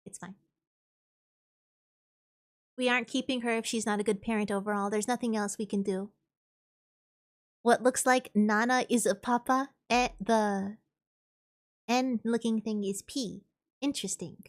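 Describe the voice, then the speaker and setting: A woman's voice: a little high, fairly even intonation, a little slow, pauses often. A woman streamer chatting casually while gaming, thinking aloud and answering chat.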